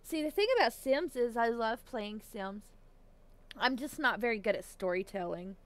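A woman's voice: a little high, expressive, moderate pace, fairly bright tone, slight background noise. Bubbly, giggly woman streamer. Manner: bubbly, giggly, greets chatters by name. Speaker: Twitch streamer. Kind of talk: casual live-stream chat.

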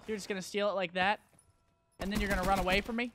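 A man's voice: high voice, little pitch movement, fast talker, background noise. A man doing live gameplay commentary as a gaming YouTuber, hyping himself up and mocking his own mistakes with sudden outbursts. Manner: hype, self-mocking trash talk, sudden outbursts.

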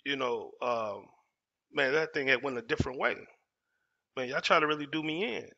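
A man's voice: medium pitch, moderate pace, creaky, bright, forceful tone. A man, telling a personal story in casual, emphatic talk and repeating phrases for effect. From Dallas, Texas. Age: 40s. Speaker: storytelling host. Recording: dull lo-fi audio.

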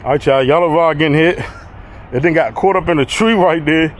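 Brief: high-pitched man, breathless, excitable outdoor vlogger, faint noise behind. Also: brisk. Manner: excitable, shouting exclamations, talks to viewers as "y'all" and "guys". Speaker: fishing vlogger. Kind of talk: excited outdoor vlog commentary. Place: outdoors on a riverbank.

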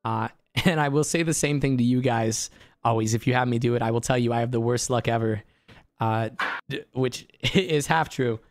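A hoarse man, a voice actor, telling stories excitedly and laughing easily in a casual streaming chat. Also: mid-range voice, no room sound, studio quality. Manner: excitable storyteller, quick to laugh. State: hoarse from an inflamed larynx.

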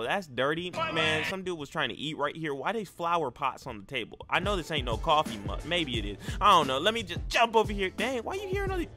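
A man giving casual, slangy let's-play commentary as a YouTuber, talking with energy and hype while he plays. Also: fairly high pitch. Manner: energetic, slangy, hyped-up chatter. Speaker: YouTuber gamer.

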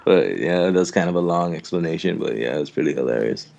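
Deep-voiced young man telling rambling stories. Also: expressive, fast, vocal fry, darkish tone, muffled recording, slight background noise. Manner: rambling, laughing, profane storyteller. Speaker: interviewed clan member. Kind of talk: casual storytelling chat.

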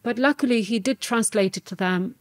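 A woman's voice: a little high, a little fast, no room sound. A woman from Serbia, a podcast guest telling her own story in an earnest, reflective way. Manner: earnest, reflective, re-enacts her past self's words. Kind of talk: personal storytelling in an interview.

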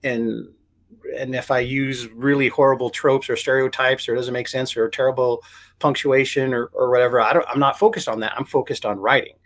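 A man's voice: medium pitch, steady tone, fairly quick, fairly bright tone. A male writer being interviewed, talking in a rambling way full of restarts and self-corrections, and acting out other people's words in quoted voices. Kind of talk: casual interview chat.

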